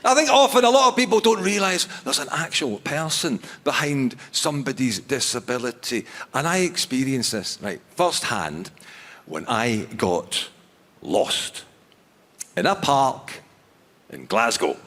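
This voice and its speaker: Slow, lively-voiced man doing stand-up. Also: mid-range voice. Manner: halting, self-mocking delivery with repeated restarts. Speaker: stand-up comedian. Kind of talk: stand-up comedy set. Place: large theatre stage before a live audience. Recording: long theatre reverb.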